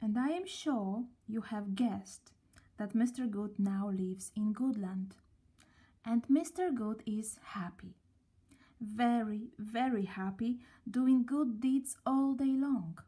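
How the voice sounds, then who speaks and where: A woman reading a children's story aloud, gently and at a slow, storybook pace. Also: fairly high pitch, slightly rough.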